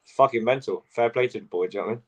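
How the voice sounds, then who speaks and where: A man co-hosts a casual chat in a low voice, rambling through his points and checking in with "do you know what I mean". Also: rapid-fire, darkish tone, muffled recording. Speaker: co-host.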